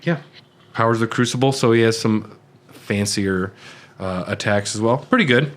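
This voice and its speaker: A man with a fairly low voice co-hosts a relaxed gaming podcast. He reads out item text, then drifts into loose, joking commentary with the occasional swear. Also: normal speed. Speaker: podcast co-host. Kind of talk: casual gaming podcast chat.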